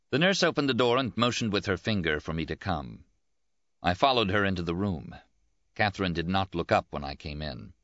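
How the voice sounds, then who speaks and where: A man reading a first-person novel in a plain, measured audiobook narration. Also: low-pitched, animated, a bit bright, no echo, muffled recording.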